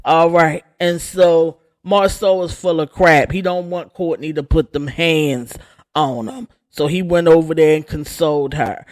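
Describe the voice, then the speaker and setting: A woman's voice: deep voice, fairly even intonation, measured pace, darkish tone, soft background music. A woman hosting a gossip channel who rants in a sassy, sarcastic way. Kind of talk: casual gossip rant.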